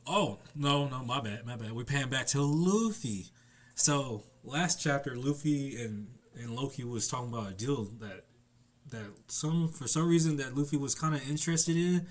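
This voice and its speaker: A man's voice: medium pitch, expressive, normal speed. A young man reviewing an anime chapter in a casual, rambling way. He laughs often and acts out the characters' lines in playful voices.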